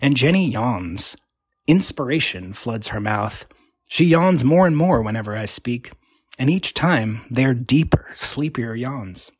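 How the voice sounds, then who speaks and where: Husky man reading a wry story. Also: medium pitch, expressive, a little slow, no room sound. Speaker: narrator.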